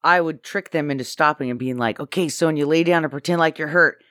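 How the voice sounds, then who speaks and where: A woman's voice: low voice, a little fast, fairly bright tone, no room sound, clean studio sound. A woman co-hosting a casual movie podcast, telling rambling, playful asides. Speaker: podcast co-host. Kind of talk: casual movie-review chat.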